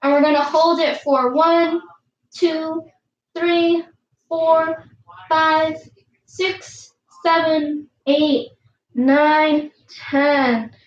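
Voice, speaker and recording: A woman coaching young girls through an online warm-up and lesson, counting aloud in an upbeat way and calling herself by name in the third person. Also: sits high, fairly even intonation, extremely slow, dull audio. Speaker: youth sports coach. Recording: echoey room.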